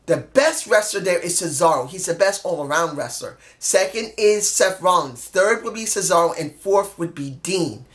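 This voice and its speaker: A man's voice: high-pitched, fairly bright tone. A man giving a blunt, heated solo review, swearing freely and repeating lines for emphasis. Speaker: wrestling show reviewer. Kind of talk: opinionated solo review rant.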